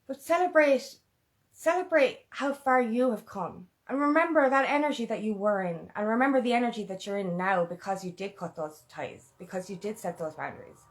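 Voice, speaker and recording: In a motivational vlog, a woman empowerment coach speaks earnestly and emotionally, often repeating a mantra. Her mid-range voice moves at normal speed, and she sounds close to tears.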